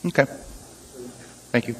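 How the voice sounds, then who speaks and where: A man serving as assembly member, asking questions in a halting way, searching for words. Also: slight background noise. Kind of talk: questioning at a public meeting. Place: public assembly chamber.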